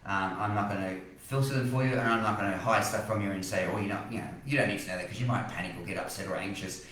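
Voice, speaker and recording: A man's voice: on the low side, fairly even intonation, quick pace, a bit bright, recorded from a distance. An Australian man hosts a live weather stream and rants with real passion about forecast models. His voice sounds set back from the microphone, and a strong room echo hangs on every word. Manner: passionate, ranting, apologetic. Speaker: weather page host.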